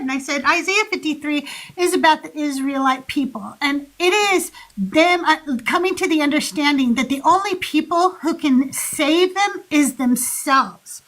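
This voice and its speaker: A woman's voice: high-pitched, low-quality recording. A woman co-hosting a casual podcast chat, telling stories animatedly, swearing freely and acting out what others said. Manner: animated storyteller, swears freely, acts out quotes. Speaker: co-host.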